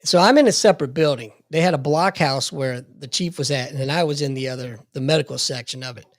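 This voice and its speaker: A man's voice: on the high side, fast talker, no room sound, clean studio sound. A man in his forties telling a profane story in a casual podcast chat.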